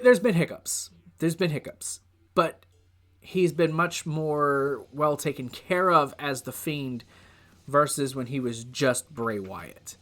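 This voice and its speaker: A young man hosting a casual countdown, talking loosely and rambling, with drawn-out pauses and muttered asides. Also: fairly high pitch, a bit bright. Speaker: host.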